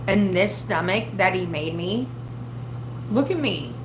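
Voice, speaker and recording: A woman's voice: mid-range voice, measured pace, background noise. Profane, rambling woman in a roomy space. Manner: profane, rambling, animated storyteller. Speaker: livestream host. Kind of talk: casual livestream storytelling. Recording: roomy echo.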